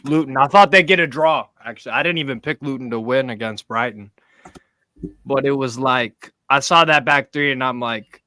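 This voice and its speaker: A man's voice: medium pitch, normal speed, pushed and bright, no echo. A man in casual football chat who hesitates and trails off mid-sentence.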